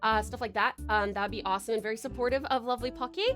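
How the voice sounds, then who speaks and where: Bubbly high-voiced woman streamer. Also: steady tone, rapid-fire, fairly bright tone, faint music behind. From Tasmania, Australia. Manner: bubbly, gushing, swears, calls viewers darling. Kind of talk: live stream chat reading.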